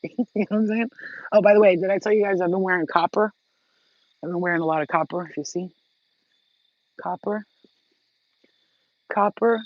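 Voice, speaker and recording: A woman's voice: on the low side, dry recording. A woman talks straight to her viewers in a loose, unscripted vlog. She is blunt and emphatic and swears freely. The sound is dry and close, and the audio is a little dull and lo-fi. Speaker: vlogger. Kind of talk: casual direct-to-camera talk.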